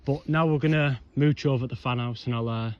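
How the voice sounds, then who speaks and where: A young man rambles through casual walking commentary as he explores old ruins on a windy hillside, chatty, a bit out of breath, and full of ums and whatnots. His medium-pitched voice is steady and a little fast. The outdoor camera audio is noisy and lo-fi.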